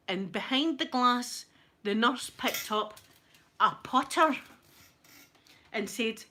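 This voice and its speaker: Middle-aged Glaswegian woman, ASMR storyteller; chatty and animated, pitched a little high. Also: takes it slowly, long pauses, slight background noise. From Scotland. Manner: chatty, animated, laughing anecdotes. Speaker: ASMR channel host.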